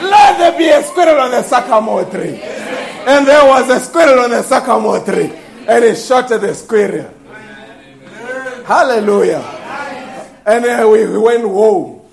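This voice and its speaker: Male preacher, very high voice, shouting fervently, faint congregation behind. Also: lively intonation, unhurried, vocal fry, long pauses, a faint crowd. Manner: fervent, breaks into shouts and laughing exclamations. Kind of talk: sermon with call and response.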